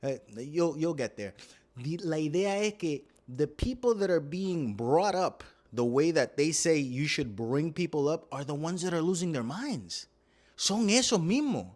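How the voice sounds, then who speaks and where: A Puerto Rican man in his thirties rants through a comedic podcast monologue, cursing freely and hopping between English and Spanish mid-sentence. His voice sits high for a man and comes across close and dry. The delivery is loose and talkative, like a host holding court. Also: lively intonation, a little slow, a little mellow, no echo. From Puerto Rico.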